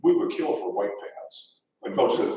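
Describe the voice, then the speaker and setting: A man's voice: lowish voice, expressive, moderate pace, dark tone. Older man rambling stories in echoey hall. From Detroit area, USA. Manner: rambling, chuckling anecdotes with many restarts. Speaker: guest speaker telling football stories. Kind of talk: storytelling to a luncheon audience. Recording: echoey event hall, distant mic.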